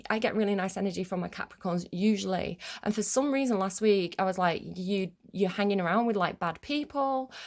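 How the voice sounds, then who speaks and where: Chatty woman rambling to camera. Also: medium pitch. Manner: chatty, rambling, many fillers, swears when annoyed. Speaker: tarot reader. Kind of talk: casual chat to camera.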